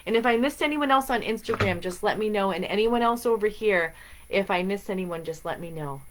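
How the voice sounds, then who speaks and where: A woman's voice: medium pitch, expressive, brisk, background noise. A woman chatting in a bubbly, rambling way as she hosts a live stream of spiritual guidance. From Massachusetts. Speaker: spiritual reader and stream host.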